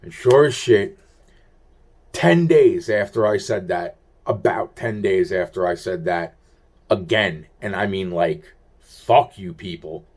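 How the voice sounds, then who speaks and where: A man with a somewhat low voice talks straight through a long personal story. He swears constantly and drifts from thought to thought. He often breaks off a sentence and starts it again. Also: slow pace, a little mellow. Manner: heavily profane, rambling, restarts sentences. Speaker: vlogger recounting personal events. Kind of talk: rambling first-person monologue.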